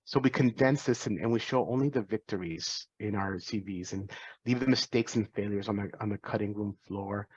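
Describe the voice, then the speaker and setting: A man's voice: lowish voice, a little fast, a little mellow, slightly rough, lo-fi sound. A man in his forties, a physician giving an earnest, reflective talk to students, often restarting his phrases. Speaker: physician and guest speaker.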